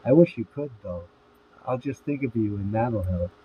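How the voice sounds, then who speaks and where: A man voicing a frank, worried teenage girl in a script reading, her lines kept plain and even, his voice sitting fairly low. The sound is thin and phone-like, with faint hiss under it. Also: normal speed, natural voice. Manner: reads each line in a plain, even voice.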